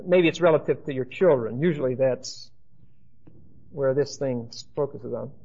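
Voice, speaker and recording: A man's voice: mid-range voice, moderate pace, creaky, dark tone, breathy edge, muffled recording. A man preaching a sermon with emphasis and dry humor, speaking straight to his listeners.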